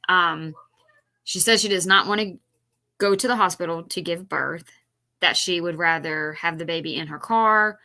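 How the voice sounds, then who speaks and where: A woman's voice: on the low side, bright, forceful tone. A woman commenting on a livestream in a blunt, exasperated, casual way, with many fillers.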